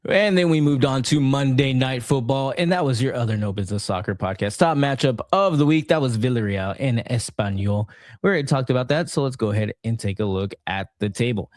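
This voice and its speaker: A man's voice: medium pitch, brisk, a little mellow, no room sound, clean studio sound. A man co-hosting a soccer podcast, reading out results and standings in a playful, sometimes sing-song way. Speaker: podcast co-host. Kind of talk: casual soccer match review.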